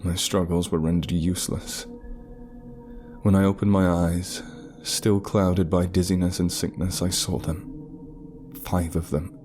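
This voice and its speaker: Deep-voiced man narrating horror. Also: flat delivery, measured pace, music in the background. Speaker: storyteller.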